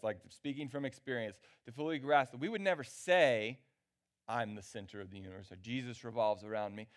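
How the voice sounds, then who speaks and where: A male pastor delivers a sermon in a loose, conversational way. He keeps asking the congregation whether they follow him. His voice sits at an ordinary middle pitch for a man. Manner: conversational, checks in with the crowd. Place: church gathering.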